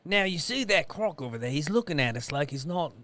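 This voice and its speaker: A man's voice: on the high side, animated, fairly quick, sharp tone, voice pushed up. A man putting on a shaky mock Australian accent to play a swaggering crocodile hunter. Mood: hushed.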